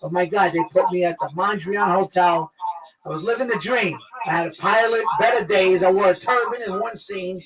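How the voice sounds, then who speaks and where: A man with a New York accent telling a profane story as a guest, loud and excitable, acting out the quotes. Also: high-pitched, normal speed. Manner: loud, excitable, swears a lot, acts out quotes. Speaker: guest actor. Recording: distant mic, noisy crowd behind.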